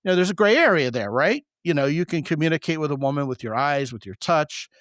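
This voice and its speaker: A man hosting a podcast, telling stories in a joking, animated way. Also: fairly high pitch, fast, no echo, studio quality. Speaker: podcast host. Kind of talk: casual podcast conversation.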